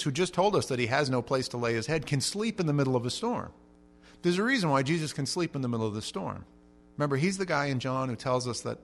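A middle-aged man preaching a sermon, telling stories with lively swings in pitch and loudness and often repeating words as he starts a sentence. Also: quick pace, gravelly. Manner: animated storytelling with big swings in pitch and loudness. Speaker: pastor.

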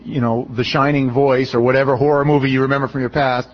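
A man's voice: medium pitch, quick pace, dull audio. A middle-aged man as a pastor giving a conversational sermon, acting out the voices of the people he quotes. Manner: conversational, acts out quoted voices, animated retelling. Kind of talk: expository sermon.

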